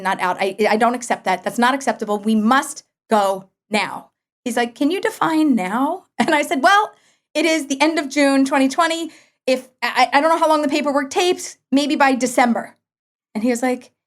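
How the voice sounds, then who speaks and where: This high-voiced woman in her forties is a guest on a podcast, relating a personal anecdote with plenty of spirit. She voices the different lines of dialogue and laughs a lot.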